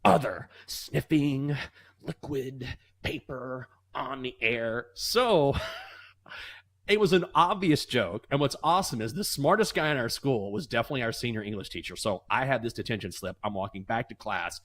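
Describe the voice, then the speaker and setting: Male co-host, mid-pitched, animated storyteller who slips into voices. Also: normal speed. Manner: animated, acts out voices in anecdotes. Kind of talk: casual storytelling and sports betting chat.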